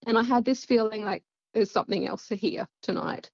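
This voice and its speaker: A woman's voice: medium pitch, normal speed, gravelly, darkish tone, no echo, lo-fi sound. A woman with an Australian accent, telling a personal story in a casual, rambling way full of fillers. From central west Queensland, Australia. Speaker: guest.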